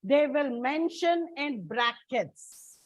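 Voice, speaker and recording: A woman's voice: high-pitched, animated, no room sound. A woman teaching English stress rules in a classroom lecture, explaining step by step and calling her students children. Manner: slow, deliberate explaining, addresses students as children. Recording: dull lo-fi dry recording.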